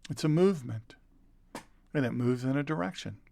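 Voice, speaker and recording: A man's voice: medium pitch, expressive, normal speed, vocal fry, mellow. An older man who is a pastor and show host, giving a conversational sermon and earnestly repeating words for emphasis.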